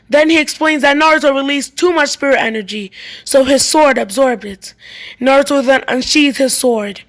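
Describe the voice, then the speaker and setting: A woman's voice: high-pitched, moderate pace, a bit bright. A woman reading a fan story aloud in a plain way, often stumbling and restarting lines.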